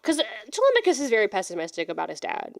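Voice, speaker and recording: A young woman co-hosting a relaxed book podcast, chatting in an animated way and slipping into playful voices for the characters. Her pitch sits in a middle range, and the recording is close and dry, with no room sound around her. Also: very fast, vocal fry, no room sound. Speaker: podcast co-host. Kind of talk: casual book-club chat.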